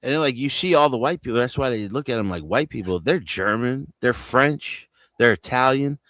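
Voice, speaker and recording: A man's voice: mid-range voice, animated, moderate pace, fairly bright tone. A man from New Jersey on a live panel, telling loose stories full of street slang and swearing. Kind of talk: casual live panel chat.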